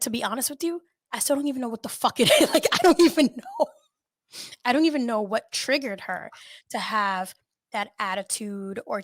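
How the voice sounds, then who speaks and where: A woman's voice: fairly high pitch, dry recording. A woman hosting a podcast, telling a story in casual chat with lots of swearing and laughter. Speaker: podcast host.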